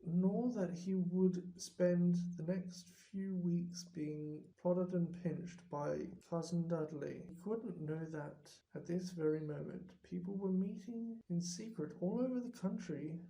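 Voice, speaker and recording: Slow, mellow storybook reader. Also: mid-range voice, gravelly, poor audio. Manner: slow and expressive. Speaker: audiobook reader. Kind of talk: scripted storybook narration.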